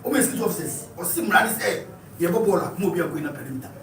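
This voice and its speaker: A man's voice: a little high, animated, rapid-fire, slight background noise. A Ghanaian man giving an impassioned address at a meeting, speaking emphatically and mixing in English phrases, recorded in a room from a distant mic. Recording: echoey room, mic far off.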